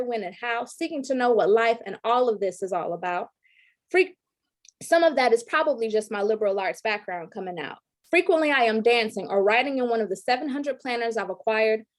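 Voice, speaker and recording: A woman in her thirties, an educator giving an online training talk and reciting a spoken-word poem in an earnest, rhythmic way. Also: on the high side. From Detroit, raised in Georgia. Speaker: presenter, educator. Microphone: video call.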